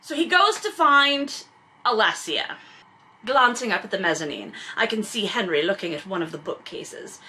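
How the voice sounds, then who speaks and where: A woman's voice: mid-range voice, expressive, moderate pace, pushed and bright. A woman in her forties reading a novel aloud and mocking it with sarcastic, exasperated asides. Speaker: host reading and commenting on a novel. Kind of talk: comedic book commentary.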